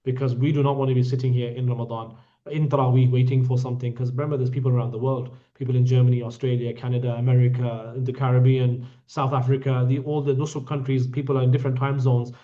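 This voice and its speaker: A man's voice: medium pitch, flat delivery, fast. Blunt joking man on lo-fi audio. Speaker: hajj tour guide. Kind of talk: online Q&A session. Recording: dull lo-fi audio.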